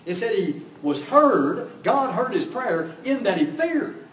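Older man, fervent sermon, rising and falling delivery, higher voice, recorded from afar in a reverberant hall. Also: sing-song, slow pace, a bit bright, far from the mic, a little hiss or hum. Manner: fervent, swelling and dropping his voice for emphasis. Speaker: preacher.

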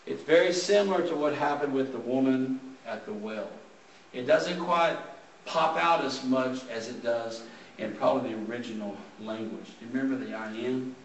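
A man gives a conversational sermon, reading scripture aloud and explaining it. His mid-pitched voice comes from a distance and rings around a roomy church hall. Faint room noise sits underneath. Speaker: preacher. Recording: roomy sound from a distant mic.

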